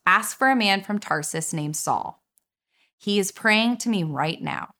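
A woman's voice: fairly low pitch, bright, forceful tone. A woman speaking as a guest at a church, reading scripture and preaching in a conversational way.

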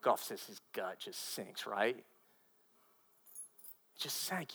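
A man's voice: on the low side, lively intonation, takes it slowly, a bit bright, breathy edge. A male pastor preaching a sermon and telling a story earnestly, often repeating himself and restarting phrases.

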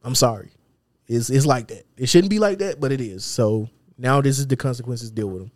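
A man co-hosting a podcast in casual chat, measured and hedging, his voice often dropping quietly as he trails off. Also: mid-range voice, lively intonation, dry recording, studio quality. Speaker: podcast co-host.

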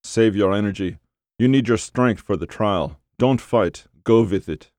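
A sinister magician with a grainy voice, low, relaxed and always in control, as a male narrator voices him. His deep tone stays calm and measured. The recording is dry and close. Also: no echo, close to an everyday voice. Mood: soothing.

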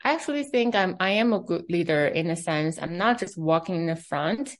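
Lively woman in her thirties. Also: lowish voice, a little fast. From China. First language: Chinese. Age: 30s. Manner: animated, acts out quoted dialogue. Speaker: fashion company CEO, guest. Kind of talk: interview storytelling.

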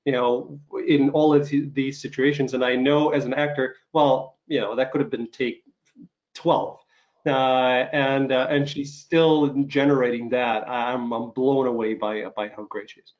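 A man hosting an interview show, recovering from an illness and coughing now and then, speaking haltingly with many fillers and restarts. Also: medium pitch, fairly even intonation, darkish tone. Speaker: talk show host. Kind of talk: casual interview chat.

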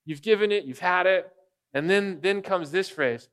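A man's voice: sits high, normal speed, fairly bright tone. A man preaching a sermon as pastor, a father of young kids, speaking casually and jokingly and often putting questions to the congregation. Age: adult father of young children.

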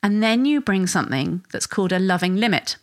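A woman's voice: lively intonation, fairly quick, no room sound. Woman hosting a podcast, dry close sound. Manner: conversational, acts out parent and child voices with rising pitch. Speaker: parenting podcast host. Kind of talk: solo podcast explanation.

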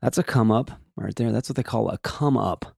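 A man's voice: on the low side, normal speed, creaky, a little mellow, husky, no room sound, clean studio sound. A man hosting a casual solo daily podcast, rambling and joking through the day's items with many restarts and asides. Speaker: podcast host.

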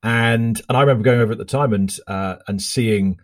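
A man who is a comedian and writer, chatting casually as a podcast guest with quick self-interrupting speech. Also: fairly low pitch. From Britain. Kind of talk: casual chat.

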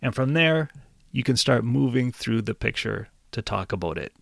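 Creaky-voiced man teaching exam tips. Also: mid-range voice, expressive, normal speed, a bit bright, no room sound, clean studio sound. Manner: patient, encouraging, speaks straight to the viewer with questions. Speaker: language test teacher. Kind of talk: instructional explainer.

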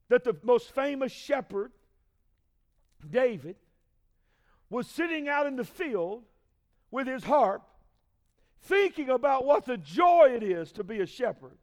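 A male pastor with a very high voice delivers a sermon full of call-and-response. He swings from shouted peaks to hushed, low asides, pressing the congregation for answers.

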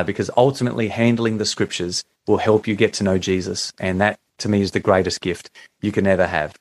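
A middle-aged man with an Australian accent, a guest author and Bible teacher talking in a casual podcast interview, playful and quick to laugh while joking. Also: lowish voice.

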